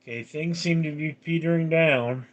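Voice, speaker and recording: A tired, yawning man hosting a casual livestream, talking in a drowsy, halting way and greeting viewers by name. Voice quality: drowsy, low-key. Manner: slow, halting, reads out viewer names. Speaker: livestream host.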